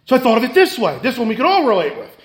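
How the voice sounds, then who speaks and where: A man preaching a sermon as pastor, emphatic and repetitive, swinging between loud stresses and hushed asides. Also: extremely high pitch, huge pitch swings, rapid-fire. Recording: echoey room.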